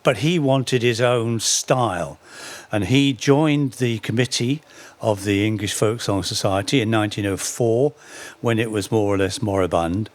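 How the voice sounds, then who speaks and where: A man's voice: fairly low pitch, unhurried. A middle-aged man giving an anecdotal talk on folk history, with dry humour and frequent self-corrections. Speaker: speaker giving a public talk.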